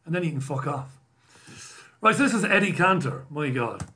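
A man's voice: on the high side, very animated, moderate pace, pushed and bright. Sardonic British man reading viewer messages. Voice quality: bald, self-described poor at accents. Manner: sardonic, swears freely, laughs at himself. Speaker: live stream host. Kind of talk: casual live stream chat, reading viewer messages.

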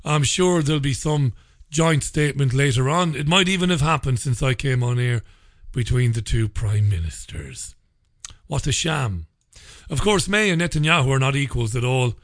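A man's voice: medium pitch, lively intonation, moderate pace, no echo, studio quality. A man hosting a radio talk show, delivering an opinionated, sarcastic and profane monologue. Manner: sarcastic, profane, ranting with mocking laughter.

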